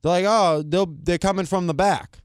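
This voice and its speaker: Speaking at normal speed in a clear, resonant high voice, this podcast co-host is recorded in a clean studio with no echo. His casual storytelling rant is animated: he plays both people in the exchange and drops the occasional swear word.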